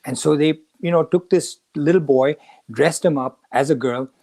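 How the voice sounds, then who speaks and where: A man hosting a talk on the Gita, telling a story and acting out the quoted lines with lively shifts of voice. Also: a little high, moderate pace, vocal fry. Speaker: podcast host teaching the Gita.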